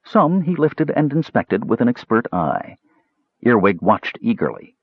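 A man narrating a fantasy audiobook with an expressive, storytelling delivery. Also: medium pitch, unhurried, husky, no echo, lo-fi sound.

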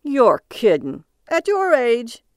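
A woman's voice: fairly high pitch, huge pitch swings, takes it slowly, darkish tone, smooth, no echo, studio quality, pitched above the performer's own voice, heavily acted. A woman reading a story aloud and voicing a chatty, blunt male cab driver who drags out his words. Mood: offhand. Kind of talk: audiobook reading.

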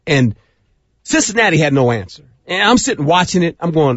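A middle-aged man talking football as a guest on sports radio, acting out scenes in a rising, animated voice. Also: fairly high pitch, fast talker, husky, dry recording. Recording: dull lo-fi radio audio.

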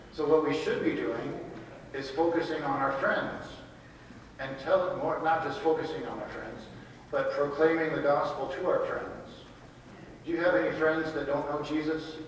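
A pastor talks to children at the front of a church, relaxed and chatty, asking them questions as he goes. He is far from the microphone, so the voice comes through a roomy, long-ringing echo with clear background noise. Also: fairly high pitch. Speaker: pastor giving a children's message. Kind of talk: casual children's sermon. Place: church sanctuary.

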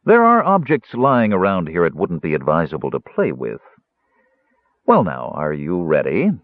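A man voicing a stern, measured male mage who speaks coolly and with authority, on a tinny, dry recording. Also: sits low, huge pitch swings, dry recording, exaggerated voice. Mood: firm. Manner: cool, deliberate, authoritative.

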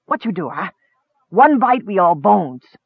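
A man's voice: high voice, big pitch swings, unhurried, gravelly, slightly rough, dry recording, full character voice. A man voicing a suspicious male goblin who growls in clipped, broken grammar. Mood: gruff. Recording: tinny phone-like sound.

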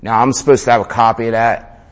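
A man's voice: medium pitch, little pitch movement, quick pace. A man telling a story in an interview in a casual way, full of slang, swearing and "man". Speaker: interview guest.

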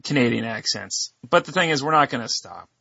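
A man's voice: medium pitch, expressive, brisk, gravelly, pushed and bright, husky, no room sound, highs cut off. A man co-hosting a podcast, talking in a hesitant, word-searching casual way. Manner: hesitant, searching for words with fillers. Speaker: podcast co-host.

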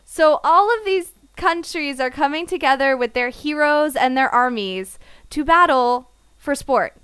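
A woman's voice: high voice, unhurried, fairly bright tone, dry recording, clean studio sound. A woman co-hosting a casual podcast, reviewing an anime with playful sarcasm and frequent laughs. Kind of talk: casual chat.

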